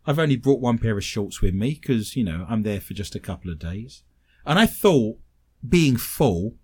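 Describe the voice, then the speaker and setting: A man with a British English accent, a paranormal investigator telling self-mocking stories on a talk show. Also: mid-range voice. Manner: animated, self-mocking anecdotes. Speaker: paranormal investigator and medium, guest. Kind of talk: casual storytelling on a talk show.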